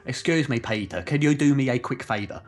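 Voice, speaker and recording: A man reading a visual novel's narration aloud in a made-up comic accent, adding deadpan jokes. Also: medium pitch, a little fast. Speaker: let's play co-host reading the game's narration. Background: game background music.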